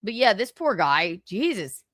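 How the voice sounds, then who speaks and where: A woman's voice: mid-range voice, very animated, measured pace, a bit bright, no room sound. A woman hosting a casual gossip live stream, sarcastic and laughing, with plenty of swearing.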